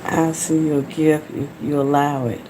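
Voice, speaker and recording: Low-voiced Atlanta woman chatting on a livestream. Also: level tone, normal speed, noisy background. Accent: Southern American (Atlanta). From Atlanta, Georgia, USA. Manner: rambling, chatty, talks straight to viewers. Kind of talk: casual live-stream chat. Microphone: phone.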